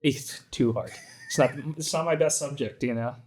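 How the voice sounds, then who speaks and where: A man's voice: mid-range voice, moderate pace, a little mellow. A man co-hosting a casual podcast about fatherhood, easygoing and talkative, often ending points with "right?". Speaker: podcast co-host, new father. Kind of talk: casual chat.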